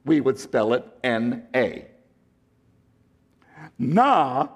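A man preaching a sermon, slow and deliberate, swinging from emphatic highs to hushed lows. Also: breathy edge, big-room sound. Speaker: pastor.

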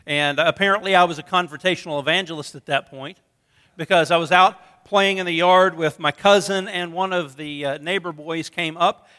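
A man with a high, bright, ringing voice preaches in a sanctuary, and his words trail off into the long reverb of a church hall. He talks in a relaxed, conversational way, telling stories with a light sense of humor. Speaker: pastor. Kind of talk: sermon.

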